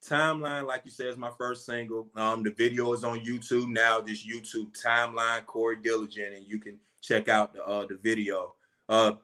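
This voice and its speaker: Here the Atlanta-born rapper in his forties shares a heartfelt story in an interview, leaning on "man" and "you know." His lowish voice comes across bright and forceful.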